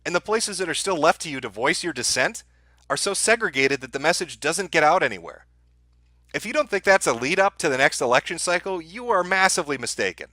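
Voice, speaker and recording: A man's voice: a little high, expressive, brisk, bright, forceful tone, no room sound. A man hosting a livestream, ranting angrily with a lot of swearing about the topic he's covering. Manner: profane, angry, ranting. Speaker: livestream host. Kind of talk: heated livestream rant.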